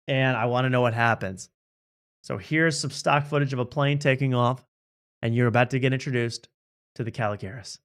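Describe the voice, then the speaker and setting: Joking his way through online videos, this comedy podcast host laughs a lot and slips into mock voices. He speaks in a mid-range, fairly bright voice.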